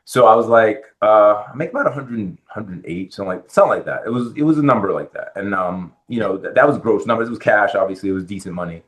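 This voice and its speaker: A middle-aged Bronx man, a real estate lender, is a guest on a podcast interview, telling his story and acting out what people said to him. His voice sits lowish and moves at a quick clip with hardly any pauses, an animated storyteller voicing quoted dialogue.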